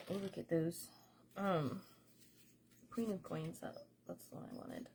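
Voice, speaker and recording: A woman hosting a casual tarot reading chat, unhurried and rambling, with a lot of fillers. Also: medium pitch, fairly even intonation, dark tone, slight background noise. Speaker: tarot reader and host.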